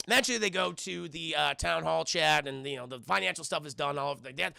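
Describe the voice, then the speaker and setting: Gravelly, high-voiced man streamer. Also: fast talker, bright, forceful tone. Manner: profane, rambling, keeps addressing the chat. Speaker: streamer reviewing a film. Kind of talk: casual chat with a live chat.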